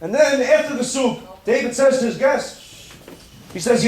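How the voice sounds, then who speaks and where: A man, a rabbi, telling a story in a sermon with animated delivery and snatches of song. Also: very high-pitched, moderate pace. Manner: animated, sings snatches of melody. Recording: echoey room with faint background noise.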